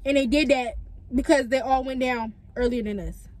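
A young woman filming a casual selfie vlog on her phone from inside a car, chatty and excitable, sometimes hollering. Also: sits high, normal speed, low-quality recording. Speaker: vlogger. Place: inside a car on a road trip. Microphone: phone held at arm's length.

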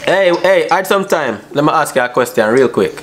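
Brash, slangy man with a fairly high voice, teasing strangers on a noisy phone video call. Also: lively intonation, fairly quick. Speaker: vlogger on a video chat app. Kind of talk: casual banter with strangers. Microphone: phone on a video call app.

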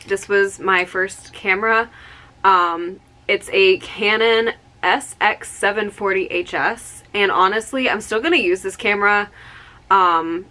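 A woman in her early twenties chatting through an excited unboxing vlog, gushing with many exclamations. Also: medium pitch. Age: 20s. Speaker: vlogger. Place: home room with outdoor yard noise.

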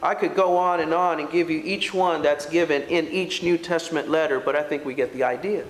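Casting: earnest preacher, high voice, rhetorical questions, echoey church. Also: male voice. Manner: earnest, rising to emphatic peaks, rhetorical questions. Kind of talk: sermon. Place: church hall.

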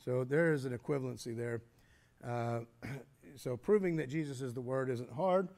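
A man teaching a church Bible study, explaining step by step, posing questions and answering them himself, with frequent halting restarts. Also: medium pitch, darkish tone. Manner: halting restarts, clears throat.

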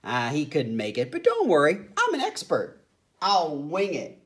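A woman's voice: deep voice, huge pitch swings, normal speed, faint music behind. A woman voicing a confident bat harpist who talks in a breezy, joking way.

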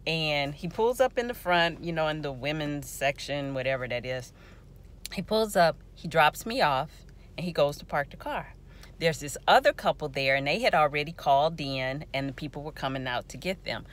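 Animated woman in her forties telling a story. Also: deep voice. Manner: animated, lively storytelling with playful quoted voices. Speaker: vlogger remembering a friend. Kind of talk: personal storytelling.

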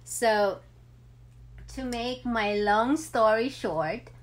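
A woman in her thirties talking heartfelt and emotional in a personal vlog, with many ums and pauses. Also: on the high side. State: emotional, near tears. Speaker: vlogger.

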